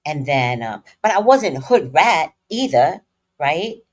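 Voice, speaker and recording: A woman from New York telling casual stories in a blunt, profane, animated way. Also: sits low, measured pace. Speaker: vlogger. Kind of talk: casual storytelling commentary.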